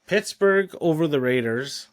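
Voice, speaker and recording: A man's voice: on the high side, animated, unhurried. A man co-hosting a casual sports podcast, running through his game picks with wry asides. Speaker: podcast co-host. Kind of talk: casual chat, listing picks.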